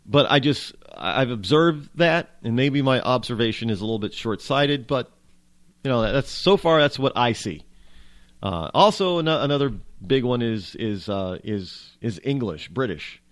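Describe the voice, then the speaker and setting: A man's voice: medium pitch, animated, normal speed. A man hosting a talk radio show, rambling and wry, with frequent restarts as he muses aloud. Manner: rambling, wry, self-interrupting. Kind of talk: casual talk radio monologue.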